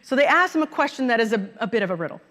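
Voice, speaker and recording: A woman's voice: on the high side, lively intonation, very fast, fairly bright tone. A middle-aged woman minister giving a conversational sermon in a church, chuckling now and then at her own stories. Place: church sanctuary.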